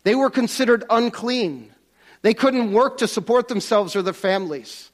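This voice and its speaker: A man's voice: sits high, normal speed. A man preaching a casual, conversational sermon to a congregation in a church, often restarting and repeating words.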